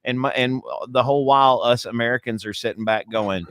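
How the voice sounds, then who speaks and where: A man co-hosting a casual podcast, reading news aloud and ranting loudly. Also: mid-range voice, a little fast, clear, resonant tone, dry recording. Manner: rambling, reads news aloud, then rants loudly. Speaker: podcast co-host.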